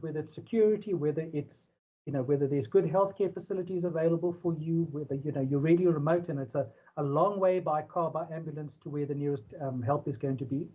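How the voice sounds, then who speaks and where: A mellow, slightly husky voice gives an informal safety webinar, thinking aloud with plenty of "you know"s. The sound is dull and lo-fi, like online meeting audio. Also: medium pitch. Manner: conversational, frequent "you know" fillers, rising emphatic starts. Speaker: presenter for a dive safety organization. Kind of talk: webinar presentation.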